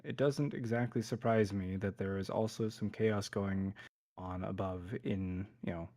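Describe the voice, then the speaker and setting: A man's voice: on the low side, fairly even intonation, a little slow, mellow, pitched below the performer's own voice. Weary village woman, as a man puts her on. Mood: troubled. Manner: hesitant, filler-laden speech.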